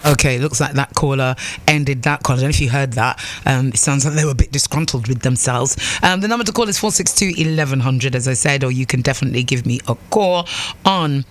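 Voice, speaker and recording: A woman's voice: rumbling low, fast. A woman hosting a call-in radio show, chatty and loose, with many fillers and restarts. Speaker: radio talk show host.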